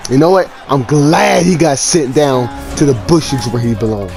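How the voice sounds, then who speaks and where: A man's voice: mid-range voice, expressive, moderate pace, gravelly. A man giving casual, brash play-by-play commentary on a video game fight and trash-talking a fighter. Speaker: gaming commentator. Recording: music playing underneath.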